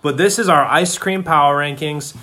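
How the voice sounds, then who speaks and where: A man's voice: a little high, normal speed, pushed and bright. A man co-hosting a podcast in casual chat, chatty and teasing, leading the segment. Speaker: podcast co-host.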